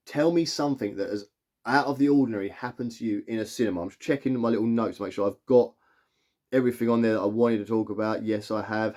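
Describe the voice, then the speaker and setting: Male vlogger, mellow and warm in tone, mid-height voice, chatty and rambling, chuckles through his stories. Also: mid-range voice. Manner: rambling, animated, chuckles while telling. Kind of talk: casual storytelling to camera.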